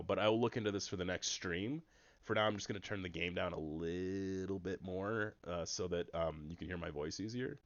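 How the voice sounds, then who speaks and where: A man's voice: low voice, muffled recording. A man streaming a card game, chatting casually and explaining the rules to his chat over a headset mic. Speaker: gaming streamer. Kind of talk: casual let's-play commentary.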